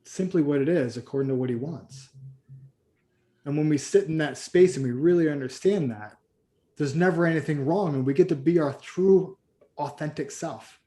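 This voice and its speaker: A man's voice: a little high, normal speed, dark tone. A man leading a live group coaching call, telling stories and acting out the voices of the people in them. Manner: storytelling, acts out quoted voices. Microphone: video call.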